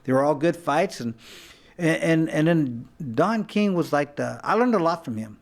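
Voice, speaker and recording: A man's voice: a little high, lively intonation, moderate pace. A man, a former boxer, telling stories in a casual talk-show chat, with many restarts and acted-out quotes. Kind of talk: casual storytelling.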